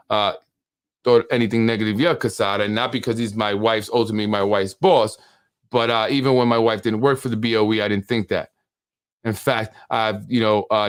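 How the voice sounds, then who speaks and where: A man hosting a political podcast, talking casually and reading text messages aloud, with frequent restarts. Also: lowish voice. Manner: conversational, repeats words and restarts, reads messages aloud. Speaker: podcast host.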